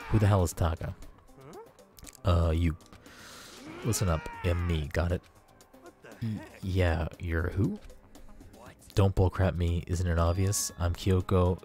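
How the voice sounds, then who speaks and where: A man's voice: sits low, a little mellow. A man reading the lines of a brash, hot-tempered young male delinquent character in a game. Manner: rough, threatening. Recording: faint game music behind.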